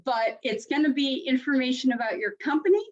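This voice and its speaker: A woman giving a webinar presentation in a chatty, joking way with animated asides. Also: high voice, fairly quick. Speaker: SBA presenter. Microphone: video call. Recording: dull lo-fi webinar audio.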